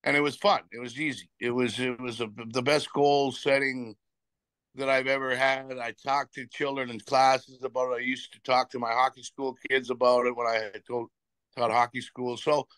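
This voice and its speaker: The recording is dry, and the man's mid-range voice stays fairly flat in pitch, with a fairly bright tone and an ordinary pace. He's a retired hockey player in his seventies who rambles and repeats himself while telling interview stories casually, acting out what others said.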